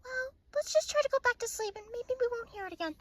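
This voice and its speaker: A woman's voice: very high-pitched, lively intonation, fast talker, faint music behind. A woman voicing a cheerful anime schoolgirl at a sleepover in a plush toy video, chirpy and sometimes whiny.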